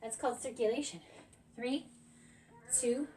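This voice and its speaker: A woman's voice: a little high, a little slow, darkish tone, a little hiss or hum. Breathless woman coaching a home workout. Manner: encouraging, counting down reps between breaths. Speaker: fitness instructor. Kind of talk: coaching a workout while exercising. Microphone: camera on a tripod at a distance. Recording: voice from a distance.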